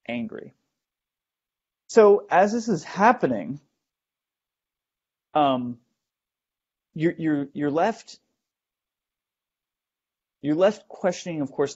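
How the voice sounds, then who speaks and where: A man hosting a show, telling a first-person ghost story in a halting way, with many fillers and restarts as he builds suspense, in a dull lo-fi recording. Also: mid-range voice, darkish tone. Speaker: host.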